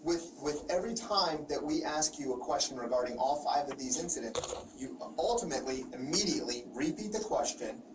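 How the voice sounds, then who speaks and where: A man working as a police detective, bluntly lecturing and pressing a suspect in an interrogation. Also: medium pitch. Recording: echoey, distant, noisy room recording.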